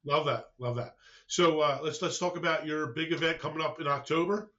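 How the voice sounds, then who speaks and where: A man hosts a podcast in a casual interview, throwing in short affirmations. His voice is fairly high and forceful, and the recording sounds dull and lo-fi. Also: fairly even intonation, brisk. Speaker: podcast host.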